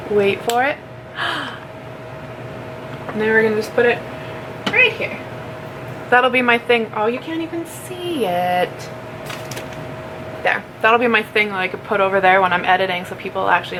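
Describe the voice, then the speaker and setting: A woman's voice: mid-range voice, level tone, fast talker. A woman chatting casually in a home vlog, rambling and giggling while she snacks. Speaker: vlogger. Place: home, indoors. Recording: clear background noise.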